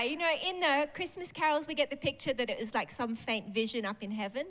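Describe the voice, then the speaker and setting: A woman's voice: high-pitched, fairly even intonation, a little fast, hardly any pauses, a bit bright. A woman preacher giving a sermon in a church service. She talks expressively and animatedly and often laughs.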